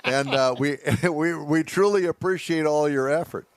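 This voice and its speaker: A man's voice: a little high, normal speed, crowd noise. Man hosting, asking the guest questions. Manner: friendly, asks questions of the guest. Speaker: host. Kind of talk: casual interview hosting.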